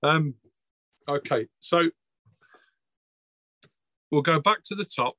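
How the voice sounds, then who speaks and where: A man's voice: on the high side, expressive, takes it slowly, bright, forceful tone, no echo. A man acting as game master for a tabletop game over a voice call, talking casually with plenty of hesitations. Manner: casual, hesitant, full of ums. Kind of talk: running a tabletop game online. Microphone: home mic on a voice call.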